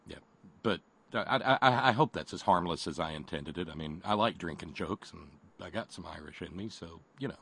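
A man hosting a casual call-in talk show, speaking haltingly with many restarts and pauses. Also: low-pitched, expressive, creaky, sharp tone, breathy edge. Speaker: radio talk host.

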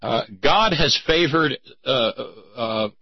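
A man hosts a talk show with casual, radio-style commentary that is wry, digressive, and edged with sarcasm. His medium-pitched voice is expressive and slow, with no room sound, on a dull lo-fi recording.

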